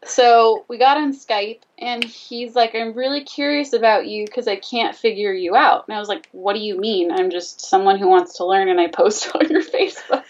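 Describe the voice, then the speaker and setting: A woman's voice: mid-range voice, normal speed, few pauses, distant mic, lo-fi sound. A woman telling a personal story in casual conversation, animatedly acting out both sides of the dialogue. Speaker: guest telling her story.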